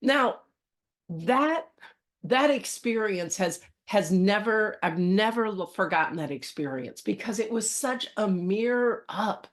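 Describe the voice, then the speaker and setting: A middle-aged woman, telling a personal story to camera in an expressive way, moving between urgent and hushed. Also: mid-range voice, slow pace. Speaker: personal growth channel host.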